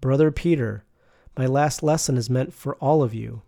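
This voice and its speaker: Serene male spiritual teacher, read by a man, gravelly mellow voice, slow tender preaching. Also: medium pitch, no echo, clean studio sound, lightly acted.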